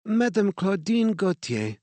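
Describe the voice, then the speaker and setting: A man's voice: high voice, big pitch swings, takes it slowly, mellow, dry recording, pitched above the performer's own voice, exaggerated voice. A man voicing a middle-aged French woman who runs a shelter, speaking with a French accent in a polite, cool, protective way. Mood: polite, reserved.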